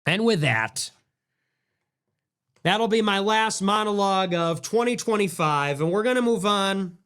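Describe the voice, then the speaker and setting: A young man holds forth as a podcast host, his voice sitting high as he rants in a combative, mocking way. He keeps coming back to the same blunt demands. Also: expressive, a little slow, a bit bright, smooth. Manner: combative, mocking, repeats ultimatums. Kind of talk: political monologue rant.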